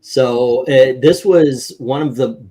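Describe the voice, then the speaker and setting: Hosting a laid-back comic-cover ranking panel, this man speaks slowly in a mellow, mid-range voice. He reads the viewer scores and meanders as he counts them out loud, filling the gaps with plenty of fillers.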